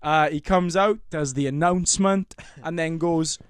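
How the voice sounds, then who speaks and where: A young man with a somewhat high voice, co-hosting a casual podcast. He talks animatedly, swears freely and keeps up the banter. The sound is dry and close, with no room echo. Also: a little slow, clear, resonant tone. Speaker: podcast co-host. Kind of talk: casual chat.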